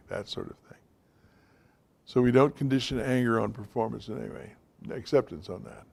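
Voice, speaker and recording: A man's voice: medium pitch, normal speed, gravelly, darkish tone. A man giving an informal, direct talk to a class of men, speaking to them plainly as guys and fellas. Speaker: teacher of a men's class.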